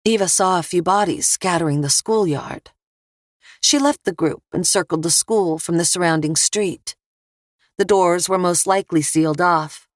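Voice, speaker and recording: A woman narrating an audiobook thriller in a steady, measured read. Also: lowish voice, no echo, studio quality.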